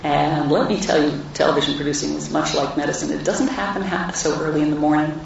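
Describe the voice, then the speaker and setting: A woman's voice: low voice, steady tone, fast talker, creaky, a little hiss or hum. A woman telling personal stories to a live audience with wry humor, recorded from a distance in a large hall. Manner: warm anecdotal, wry humor. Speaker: speaker at a live talk event. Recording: echoey hall, distant mic, dull sound.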